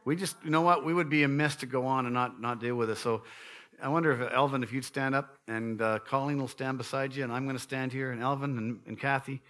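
Male pastor, bright tone, jokey and informal from the pulpit. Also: mid-range voice, steady tone, fast. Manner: chatty and jokey with the congregation, laughs often. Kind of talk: leading a church service. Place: church sanctuary.

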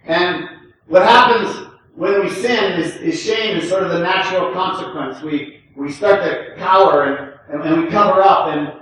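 A man's voice: high voice, moderate pace, a bit bright, slight background noise. Grandfatherly preacher in an echoey church. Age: older. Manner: conversational preaching with frequent "right?" and chuckles. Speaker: pastor. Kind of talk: sermon. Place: church sanctuary. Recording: echoey room, distant from the mic.

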